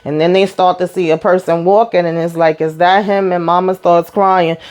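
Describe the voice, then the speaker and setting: A woman's voice: fairly low pitch, moderate pace. Chatty, profane woman recapping a show. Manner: animated, swears freely, acts out quotes. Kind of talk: casual reality-show recap commentary.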